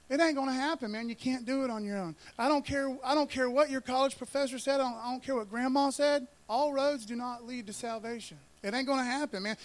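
High-voiced slangy pastor man. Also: fast talker, few pauses. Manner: slangy and animated, says "man" and "dude" often. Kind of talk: casual sermon.

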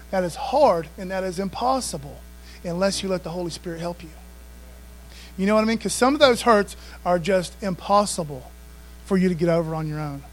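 Here a pastor with a high voice delivers a sermon in a chatty, conversational way, repeatedly calling on the congregation to answer back. The recording is rough.

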